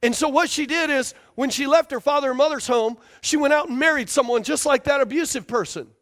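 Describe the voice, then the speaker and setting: High-voiced man preaching a sermon. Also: a little fast, fairly bright tone. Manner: emphatic, repetitive, asks the congregation for responses. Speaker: pastor.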